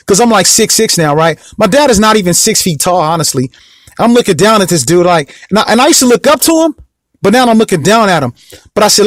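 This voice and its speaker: A man's voice: sits high, lively intonation, fast talker, dry recording, studio quality. A young man casually telling a personal story to the camera, rambling and repeating himself and often asking whether you know what he means. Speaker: vlog host.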